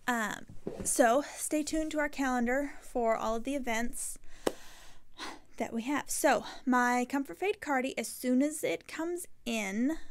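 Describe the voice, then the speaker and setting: Chatty, rambling woman with a higher voice. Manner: rambling, self-correcting, chatty. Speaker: knitting podcast host. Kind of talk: casual chat to camera.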